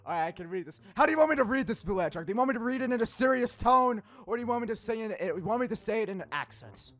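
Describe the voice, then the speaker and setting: A man's voice: extremely high pitch, animated, very fast, a bit bright, dry recording. A man reading fan fiction aloud as a casual YouTuber, cracking crude jokes, teasing and giggling between lines. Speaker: YouTuber playing Shadow the Hedgehog.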